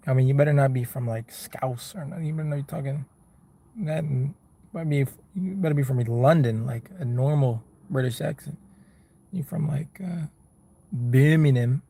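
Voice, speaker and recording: A man's voice: medium pitch, vocal fry, warm tone, breathy edge. A man, chatting casually with his viewers on a live stream from his car, laid-back and rambling, calling people bro and man. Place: inside a car.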